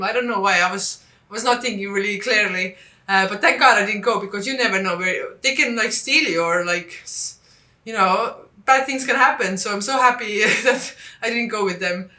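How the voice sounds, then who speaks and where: A woman from Estonia, telling travel stories in a casual vlog and acting out the dialogue with lively jumps in pitch. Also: reverberant. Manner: animated, acts out quoted dialogue with big pitch jumps. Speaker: vlogger.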